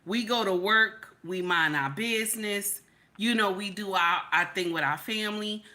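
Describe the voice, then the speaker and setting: A woman reacting on a livestream in animated, exclamatory talk, repeating "okay?" often. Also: mid-range voice, normal speed. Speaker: livestream host. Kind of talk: casual reaction commentary.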